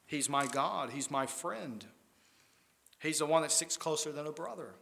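Male preacher, higher-pitched voice, emphatic, loud-to-quiet sermon delivery. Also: lively intonation, unhurried, vocal fry.

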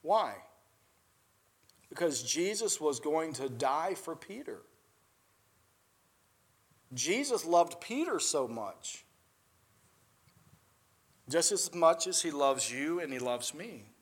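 A man's voice: a little high, big pitch swings, takes it slowly, pauses often, husky. A man preaching a sermon as pastor, earnest and building to emphatic peaks.

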